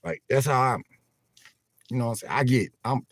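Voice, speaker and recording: An older man chats casually to his viewers in an animated, laughing way, often repeating himself. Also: mid-range voice, moderate pace, dry recording. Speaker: vlogger livestreaming. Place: inside a van.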